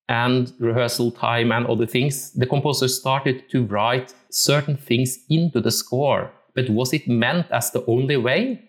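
A man from Norway, a music teacher giving a thoughtful talk and often searching for his words. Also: mid-range voice. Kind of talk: reflective talk on musical interpretation.

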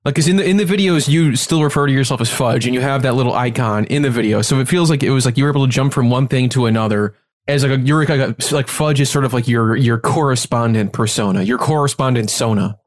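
A male podcast host chatting casually, his voice mid-pitched. He rambles and restarts often, with a loose, friendly chattiness. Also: fast.

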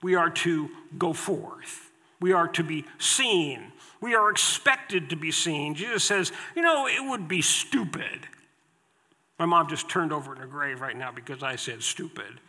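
A male pastor delivers a sermon in a bright, high voice, unhurried and emphatic as he drives home repeated phrases. His words ring out with a long reverb from the church sanctuary.

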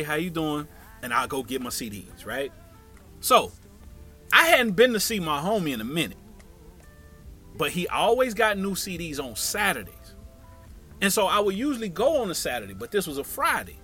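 A man telling a comic story, slipping into quick impressions of the people in it. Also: on the high side, soft background music. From Tampa, Florida area. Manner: animated, acts out voices of others.

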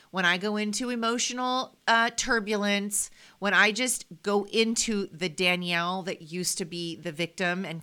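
A woman's voice: mid-range voice, sharp tone. A woman hosting a podcast, talking in a casual, heartfelt way with lots of fillers. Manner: chatty and heartfelt, many fillers. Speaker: podcast host. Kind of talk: casual solo podcast monologue.

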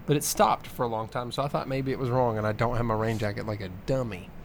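A man's voice: medium pitch, fairly even intonation, fast. A man from the American South with a Southern accent, co-hosting a casual podcast and talking in a rambling way. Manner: chatty, rambling, mimics others. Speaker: podcast co-host. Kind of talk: casual chat.

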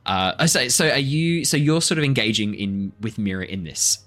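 A man narrates a tabletop game as its game master, with a lively, swinging pitch and frequent laughter. He often restarts and corrects himself as he talks. Soft music sits faintly behind him. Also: normal speed.

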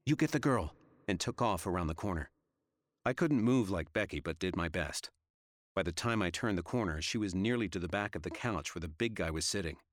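A man narrating an audiobook in a steady, measured reading style. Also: low voice, dry recording, studio quality. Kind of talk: scripted narration.

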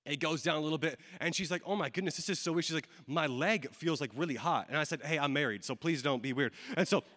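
Young man, guest preacher, casual jokey storytelling, fairly high voice, long hall echo. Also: fast. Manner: casual, joking, animated storytelling. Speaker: guest speaker. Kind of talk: sermon storytelling. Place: large hall before a live congregation.

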